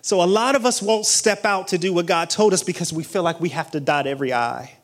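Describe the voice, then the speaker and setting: A man preaching a sermon with excited exclamations and call-and-response energy. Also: high-pitched, brisk.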